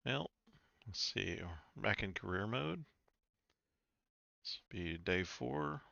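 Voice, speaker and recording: A man's voice: fairly low pitch, lively intonation, takes it slowly, creaky, sharp tone, no echo, muffled recording. A man giving casual commentary over a flight simulator game, thinking aloud and reading on-screen instructions with small stumbles. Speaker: flight simulator gameplay creator.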